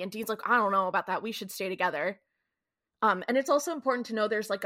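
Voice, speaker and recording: A woman's voice: medium pitch, pushed and bright. A woman co-hosting a podcast, casually recapping a TV episode in a chatty way, full of "like" and some swearing. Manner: chatty, peppered with "like", swears freely. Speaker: podcast co-host.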